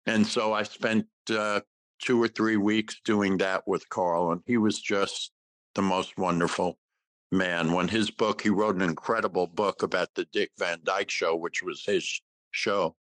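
Sixties man, actor guest, spins anecdotes with lively character voices, lower register, dry sound. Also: unhurried, dry recording, rough recording. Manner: animated storyteller, acts out quoted dialogue. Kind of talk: casual interview storytelling.

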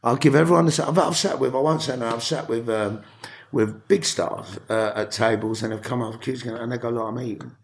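A middle-aged man with a London accent, an actor telling stories as a podcast guest, animated and swearing freely. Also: mid-range voice, a little fast, a little hiss or hum. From England. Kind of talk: casual podcast interview.

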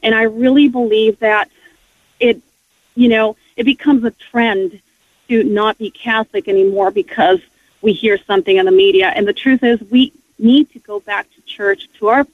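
A woman's voice: fairly high pitch, dry recording. A woman giving a heartfelt personal faith testimony as a guest, talking earnestly with frequent restarts. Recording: tinny phone-line audio, dry.

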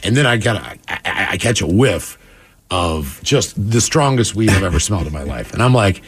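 A man's voice: low-pitched, moderate pace, a little hiss or hum. A man telling a funny story in casual podcast chat, laughing and acting out the voices of the people in it. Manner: animated, laughing, acts out quoted voices.

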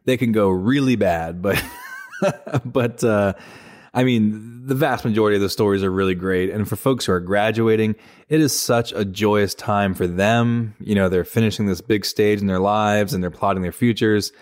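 Man, faculty co-host, low voice, dry sound, relaxed storytelling. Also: moderate pace, no room sound. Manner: relaxed, teasing, storytelling with many fillers. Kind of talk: casual chat.

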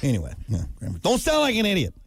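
A man's voice: fairly high pitch, huge pitch swings, fast talker, gravelly, husky, no echo. A man co-hosting a morning radio show, trading playful jokes and teasing asides with his co-host in the studio. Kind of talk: joking morning-radio banter. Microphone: studio mic.

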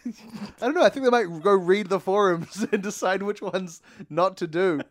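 Higher-voiced New man, playful. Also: normal speed. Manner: playful, laughing storyteller. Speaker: podcast co-host. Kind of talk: casual chat.

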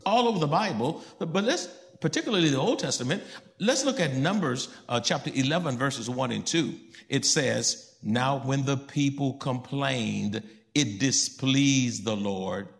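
A man preaching a sermon to his congregation in church, asking them questions and building to emphatic high points. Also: expressive, a little slow, creaky. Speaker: pastor.

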